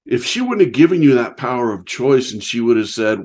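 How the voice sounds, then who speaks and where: A man's voice: medium pitch, very animated, brisk, a little mellow. A man hosting a podcast interview, reflecting on his guest's story with short, emphatic, affirming remarks. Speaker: podcast host. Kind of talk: interview conversation.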